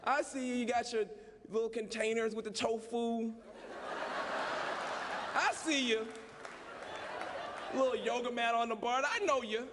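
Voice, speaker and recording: A man's voice: very high-pitched, little pitch movement, unhurried, pauses often. A man giving a humorous conference speech to an audience, folksy and teasing, then turning earnest and preacher-like. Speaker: keynote speaker, activist. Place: large lecture hall. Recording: long hall reverb, faint room noise.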